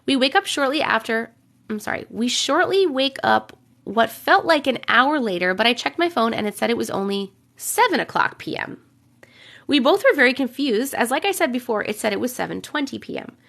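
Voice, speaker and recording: A young woman hosting a livestream, reading viewers' stories aloud and chatting casually, her voice a bit rough from a cold, humming filler syllables while she waits. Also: a little high, sing-song, fairly quick, a bit bright. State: voice rough from getting over a cold.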